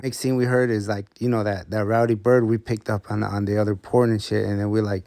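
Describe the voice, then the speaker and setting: A man with a fairly low, mellow voice recounts a wild tale in loose street slang, cursing freely. His delivery is relaxed and casual. The sound is close and dry with no room echo. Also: brisk. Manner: profane, laid-back street slang. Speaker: storyteller.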